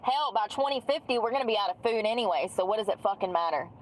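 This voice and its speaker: A woman's voice: medium pitch, lively intonation, fast, rough recording. A woman vlogging from inside a vehicle, ranting in a sarcastic, profane way. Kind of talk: ranting vlog.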